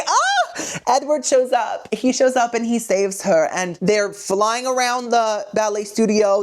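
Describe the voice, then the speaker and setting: A man hosting a comedic movie retelling, full of sassy, campy asides. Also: high-pitched. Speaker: host.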